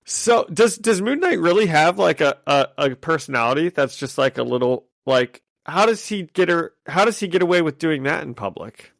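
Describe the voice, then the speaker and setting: Podcast co-host, man, excitable and laughing, gravelly tone on a dry mic. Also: on the high side, normal speed, hardly any pauses, no room sound. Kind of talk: casual chat.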